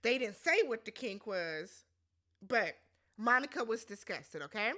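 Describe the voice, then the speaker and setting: A woman hosting a casual recap show, talking bluntly and emphatically, swearing freely and slipping into quick imitations of the people she discusses. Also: fairly high pitch. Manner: animated and emphatic, blunt and profane, quick to mimic others. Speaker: reality show recap host.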